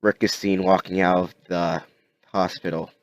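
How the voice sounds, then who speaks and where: A man narrating a comic story aloud as an amateur reader, halting with frequent restarts and fillers. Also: low-pitched, level tone, dry recording, highs cut off.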